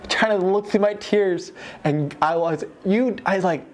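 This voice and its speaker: A man in his twenties giving an emotional personal testimony, telling it in a heartfelt, animated way with many fillers. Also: high-pitched, moderate pace. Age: 20s. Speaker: guest telling a near-death testimony.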